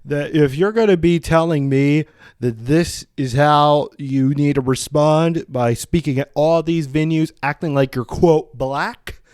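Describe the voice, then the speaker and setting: A man's voice: fairly high pitch, unhurried, darkish tone, smooth, dry recording, clean studio sound. A man hosting a solo podcast, reading out news and then ranting in a heated, profane, outspoken way, rambling with many restarts. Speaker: podcast host.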